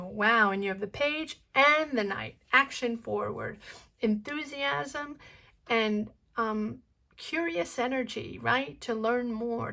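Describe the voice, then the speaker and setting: A woman's voice: a little high, vocal fry, fairly bright tone. A woman giving an encouraging tarot card reading, losing her voice, repeating key words. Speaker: tarot reader.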